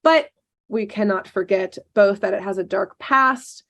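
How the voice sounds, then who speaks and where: A woman co-hosting a podcast, telling a dark history story in a casual way, with sarcastic asides and lots of ums. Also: mid-range voice, measured pace.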